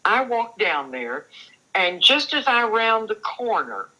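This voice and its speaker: With a medium-pitched voice that is pushed and bright and swings widely in pitch, an older woman shares her personal testimony as an interview show guest. She speaks earnestly but haltingly, frequently restarting, and the audio is poor.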